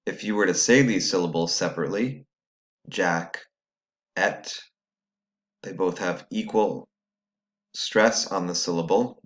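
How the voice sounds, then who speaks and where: Deep-voiced patient male teacher. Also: moderate pace. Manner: patient, step-by-step explaining to students at home. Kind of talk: recorded phonics lesson.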